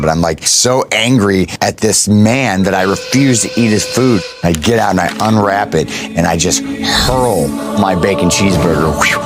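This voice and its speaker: A man talking casually in an interview, animated and emphatic. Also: low voice. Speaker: interviewed wrestler and storyteller.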